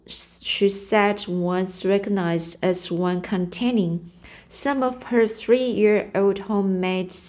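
A woman's voice: mid-range voice, a little mellow. A woman reading a novel aloud to learners, carefully rereading and correcting words and explaining them. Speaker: reading teacher. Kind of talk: slow read-aloud of a novel with word explanations.

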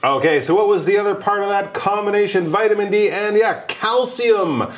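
A man with a high voice, speaking at a moderate pace, co-hosts an English lesson. He explains vocabulary in a chatty way and tosses in joking asides.

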